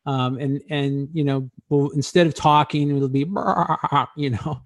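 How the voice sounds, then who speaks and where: A man's voice: medium pitch, flat delivery, moderate pace, a little mellow, no room sound, studio quality. A man hosting a casual talk show, joking and rambling with many hesitations. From Arizona. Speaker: host.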